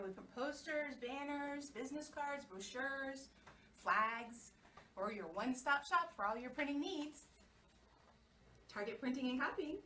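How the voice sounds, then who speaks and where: A sarcastic print shop clerk voiced by a woman rattles off a sales pitch in a high voice. The recording is distant, with faint noise behind it, like a low-budget film. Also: a bit bright. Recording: distant mic, noisy film audio.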